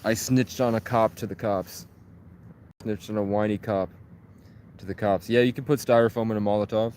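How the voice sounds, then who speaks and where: Man, low voice, rambling and profane outdoor phone livestream, light background hiss. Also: steady tone, moderate pace, a little mellow. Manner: profane, rambling, agitated storytelling. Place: outdoors in the woods. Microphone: phone held at arm's length.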